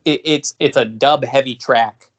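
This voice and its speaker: A man co-hosting a casual music podcast, rambling and restarting his sentences, now and then loudly mimicking the songs he talks about. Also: mid-range voice, unhurried. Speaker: podcast co-host.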